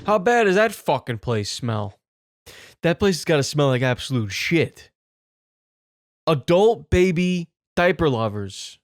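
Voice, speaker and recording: Incredulous ranting man, animated pitch. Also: a little slow, dry recording, studio quality. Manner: incredulous, swearing, repeats questions for effect. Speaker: comedy show host. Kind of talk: comedic rant reacting to clips.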